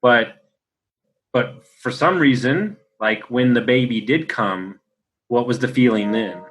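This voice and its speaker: Bright-voiced man hosting a podcast. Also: mid-range voice, slow, a little hiss or hum, rough recording. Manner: probing, casual, speaks in rhetorical questions. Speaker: podcast host. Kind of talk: conversational interview.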